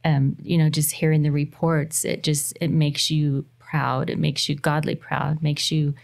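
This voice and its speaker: A woman's voice: low-pitched, little pitch movement, unhurried, creaky. A middle-aged woman on a podcast, earnestly giving motherly advice in casual chat. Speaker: guest mother.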